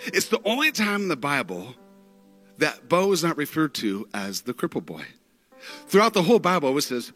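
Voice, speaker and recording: Lively dramatic male preacher. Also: normal speed, faint music behind. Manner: dramatic, with big swings in pitch and loudness. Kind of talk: sermon storytelling.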